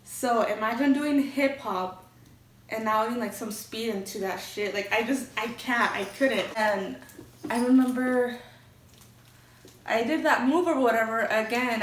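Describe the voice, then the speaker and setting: A woman's voice: a little high, a little hiss or hum. Casual young woman telling a story. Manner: candid, chatty, swears freely. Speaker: vlogger. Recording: roomy echo, from a distance.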